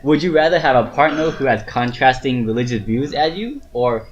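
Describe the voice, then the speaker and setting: A man's voice: mid-range voice, expressive, normal speed, lo-fi sound. Young man, mid-range voice, easygoing, reads questions aloud. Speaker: podcast host reading quiz questions. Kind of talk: casual chat.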